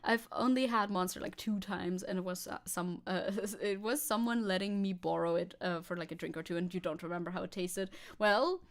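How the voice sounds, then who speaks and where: A woman's voice: fairly quick, few pauses. A young woman from Germany streaming as a VTuber, chatting casually with her audience, reading comments aloud and laughing often. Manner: chatty, laughs often, reads chat aloud, jumps high when excited. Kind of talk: casual livestream chat.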